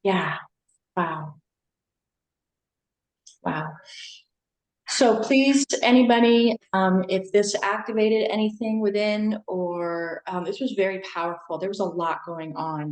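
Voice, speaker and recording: A woman leading a guided meditation, speaking softly and slowly in a soothing way. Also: on the low side, poor audio. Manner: soft, slow and soothing. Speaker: meditation teacher. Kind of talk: guided meditation and live-stream chat.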